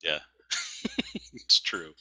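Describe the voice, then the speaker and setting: A man's voice: very slow, pushed and bright, slight background noise. A male co-host in casual chat, telling stories in an easygoing way. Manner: easygoing storyteller, laughs often. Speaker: podcast co-host.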